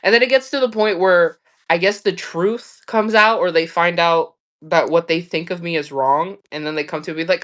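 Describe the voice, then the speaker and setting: A woman's voice: lowish voice, moderate pace, fairly bright tone. A woman hosting a livestream, chatting casually and candidly, swearing and laughing often as she tells stories. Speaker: livestream host.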